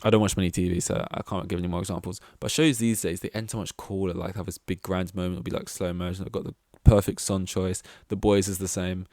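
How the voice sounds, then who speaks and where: Rambling young man, low dry voice. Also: flat delivery, quick pace, hardly any pauses, dark tone, dry recording. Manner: rambling, chatty and self-deprecating, with frequent fillers. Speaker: podcast host. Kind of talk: casual solo podcast monologue.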